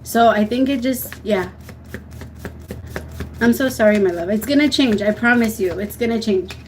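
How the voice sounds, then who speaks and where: A woman's voice: on the high side, moderate pace, slight background noise, rough recording. A young woman giving a tarot reading on a livestream, talking in a soothing, emotional way and often restarting her sentences. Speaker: tarot reader.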